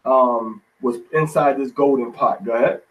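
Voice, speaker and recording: A man's voice: mid-range voice, moderate pace, distant mic, poor audio. A man teaching a Bible study in an informal, folksy sermon style, often tagging lines with "man".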